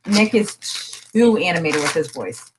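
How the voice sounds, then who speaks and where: Lively crude-joking woman host. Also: on the low side, normal speed, noisy background. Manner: playful, crude, laughs often. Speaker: channel host. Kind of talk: casual unboxing chat with friends.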